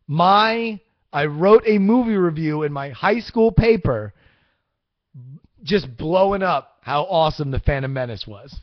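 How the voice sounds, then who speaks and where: A young man hosting a casual live-streamed podcast, answering chat with rambling, profane, excitable rants. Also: fairly high pitch, a little slow, no room sound, muffled recording. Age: young adult. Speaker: podcast host.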